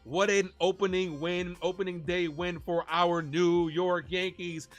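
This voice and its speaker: A man calling live play-by-play for his stream as a fan, excitable and shouting at big plays while he chats with viewers and reads their donations. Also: high-pitched, measured pace, dull audio, faint music behind.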